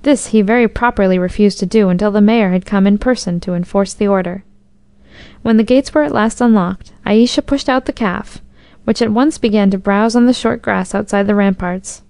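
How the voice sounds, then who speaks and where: A woman narrating a storybook in a measured, expressive reading. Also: mid-range voice, clean tone, dry recording.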